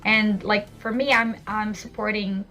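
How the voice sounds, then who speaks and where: A woman's voice: mid-range voice, steady tone, unhurried, sharp tone, faint music behind. A young woman from the Philippines teaching an English lesson, explaining patiently with spoken examples.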